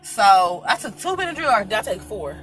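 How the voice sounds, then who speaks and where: Bright, lively woman telling a story. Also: mid-range voice, a little fast, soft background music. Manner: animated, laughing, acts out quoted people. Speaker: vlogger telling a personal story. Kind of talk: casual storytime chat.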